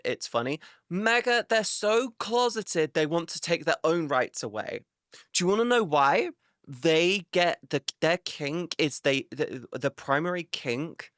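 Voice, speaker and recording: A woman's voice: sits low, no echo, clean studio sound. A woman streamer in a casual live chat with her viewers, ranting animatedly, swearing a lot and laughing often.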